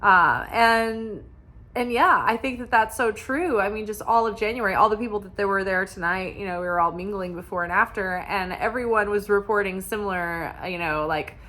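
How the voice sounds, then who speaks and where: A woman's voice: mid-range voice, moderate pace, bright, forceful tone. Casual, rambling woman tarot reader; talks with frequent fillers and self-corrections. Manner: rambling, many fillers and restarts. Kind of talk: casual spiritual chat.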